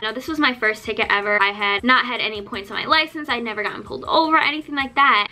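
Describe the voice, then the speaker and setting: A young woman telling a story in a casual vlog, chatty and animated, acting out the people she quotes. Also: on the high side, fast, music in the background. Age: young adult. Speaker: vlogger.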